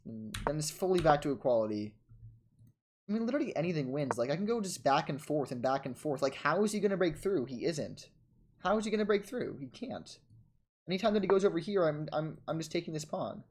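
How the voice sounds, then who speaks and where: A man in a casual chess vlog, narrating his own game in quick bursts and scolding himself for his mistakes. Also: a little high, big pitch swings, darkish tone, a little hiss or hum. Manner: frustrated, self-critical, talks in quick bursts and trails off. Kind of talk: casual self-commentary over a chess game.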